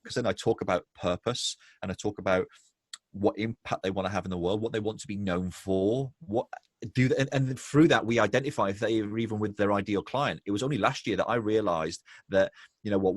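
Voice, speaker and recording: A man speaking as a business guest in a conversational interview, animated and acting out the people he quotes. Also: fairly low pitch, dry recording, clean studio sound. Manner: animated storyteller, acts out quoted voices.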